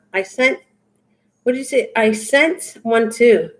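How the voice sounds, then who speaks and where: An older woman talks loosely to her live viewers while she works on a craft. Her voice sits a little high for a woman. She teases and rambles, playful and silly, rarely finishing a thought before starting the next. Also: expressive, moderate pace. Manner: goofy, teasing, rambling. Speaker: craft livestream host. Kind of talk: casual chat with live viewers.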